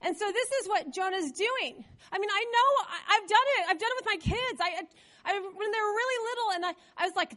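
A middle-aged woman pastor preaching a sermon in a church, dramatic and animated, acting out quoted voices. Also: extremely high pitch, brisk.

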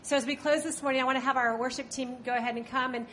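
A woman's voice: high voice, fairly even intonation, racing, bright, forceful tone. A young woman pastor speaking casually to her congregation, full of "you know" fillers, then leading prayer. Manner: chatty, upbeat, many "you know" fillers. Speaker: pastor leading a church service. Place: church sanctuary with congregation. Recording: congregation sounds and faint noise.

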